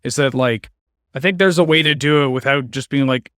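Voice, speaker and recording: A man's voice: medium pitch, fairly quick, fairly bright tone, smooth, no echo, studio quality. A man streaming a card game, giving casual commentary with wry, sarcastic asides.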